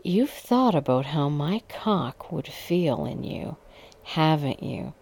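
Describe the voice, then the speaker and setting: A woman voicing a playful, dominant female lover in an erotic audio story, teasing at times and soft and soothing at others. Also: low voice, animated, slow pace, gravelly, full character voice.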